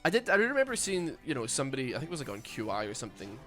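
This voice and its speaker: A young Scottish man with a light accent, chatting casually while streaming a game. He rambles, then breaks into excited yells. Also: medium pitch, racing, faint music behind. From Scotland. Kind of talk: casual gaming stream chat.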